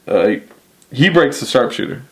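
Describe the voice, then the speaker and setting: A man's voice: mid-range voice, expressive, normal speed. A man co-hosting a wrestling review podcast, recapping matches in a laid-back, casual way. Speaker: podcast co-host. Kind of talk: casual chat.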